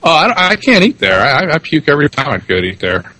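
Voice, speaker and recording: A man's voice: fairly high pitch, big pitch swings, fast talker, sharp tone, no room sound, poor audio. A man co-hosting a podcast, chatting casually, rambling and laughing often, with some swearing. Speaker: podcast co-host. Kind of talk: casual chat.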